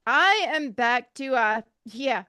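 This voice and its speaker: Woman, high voice, unhurried pace, laughs along, dry close sound. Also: lively intonation, bright, forceful tone, smooth, dry recording. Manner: laughing, plays along with jokes. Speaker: podcast co-host. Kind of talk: casual live chat.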